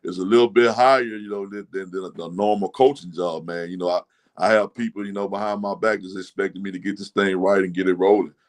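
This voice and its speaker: Deep-voiced country coach from Mississippi. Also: male voice, quick pace. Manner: plainspoken country talk, relaxed, lots of "man" and "you know". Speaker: football coach guest. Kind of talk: casual podcast interview.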